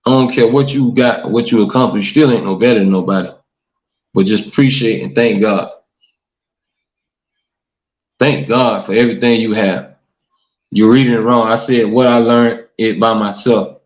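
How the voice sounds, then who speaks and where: A man's voice: lowish voice, a little fast. A man hosting a casual livestream talk show, reading comments and preaching earnestly to his viewers, often saying "man" and "y'all". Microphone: livestream mic. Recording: echoey room, dull lo-fi stream audio.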